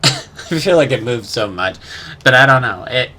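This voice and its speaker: A man's voice: mid-range voice, lively intonation, moderate pace, bright, forceful tone, slight background noise. A young man chatting casually over his gameplay, rambling and unsure, swearing now and then and humming little sound effects. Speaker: gamer.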